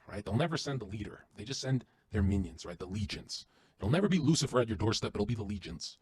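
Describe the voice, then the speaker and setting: A man guesting on a podcast, delivering an intense, profane motivational rant that swings from loud to hushed. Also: medium pitch, slightly rough, dry recording.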